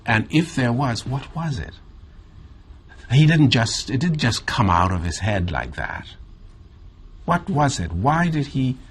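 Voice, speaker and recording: A man from the Bahamas with a Caribbean accent, telling a reflective story in an interview in a measured, thoughtful way with drawn-out pauses. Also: medium pitch, lively intonation, husky. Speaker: interview guest.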